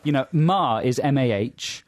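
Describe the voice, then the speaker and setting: A man's voice: medium pitch, expressive, unhurried, no echo. A man co-hosting a casual radio chat in a studio, jokily reading from an article. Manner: jokey, reads out from an article. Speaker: radio co-host. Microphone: studio microphone.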